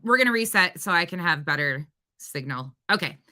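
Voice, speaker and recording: A woman hosting a heated livestream with a piercing, very bright voice. She rants with profanity and talks straight at the people she is calling out. She hammers her points home by repeating phrases. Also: lowish voice, animated, fairly quick. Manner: profane, confrontational ranting. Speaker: livestream host.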